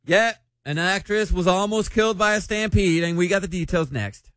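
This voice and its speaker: A man's voice: high-pitched, moderate pace, loud music behind the voice. A man hosting a short entertainment news segment, joking and teasing his co-host in casual chat.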